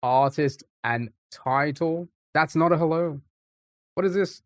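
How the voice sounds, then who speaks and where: A man's voice: fairly high pitch, slow, no room sound. A young English man with an English accent, chatting casually and rambling as he jokes with his live-stream chat. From England.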